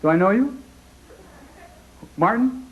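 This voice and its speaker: A man in his forties from Connecticut doing a stand-up comedy routine, sardonic and rapid-fire, full of asides. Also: high-pitched, animated, breathy edge, phone-quality sound. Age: 40s. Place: theater stage in front of a live audience. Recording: live concert recording with audience noise.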